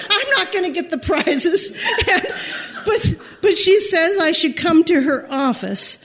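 High-voiced woman telling a personal story. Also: animated, fairly bright tone. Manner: halting, repeats words, laughs through the telling.

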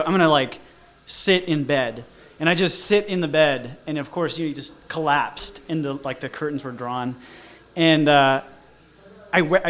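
A man's voice: fairly high pitch, a bit bright. A man casually telling a personal story, rambling with lots of fillers and restarts. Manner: rambling, full of "like" and "you know" with frequent restarts.

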